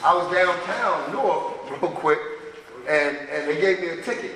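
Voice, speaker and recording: At a recovery meeting in a big hall, a middle-aged man recounts his past in raw, profane street language. His voice is a little high and sharp, and his pace is moderate. A distant mic picks up the hall's echo along with slight background noise.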